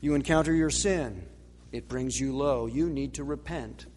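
A pastor preaches a sermon emphatically, slowing down to stress words and letting his voice drop low and soft at the close of key lines. He's in a large hall, with a little hiss or hum in the recording.

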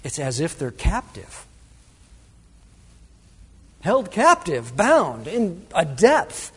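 A male pastor preaching a sermon to his congregation, dramatic, swinging between loud emphasis and hushed asides. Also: on the high side, wildly swooping pitch, very slow, slightly rough. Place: church sanctuary. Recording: reverberant church hall.

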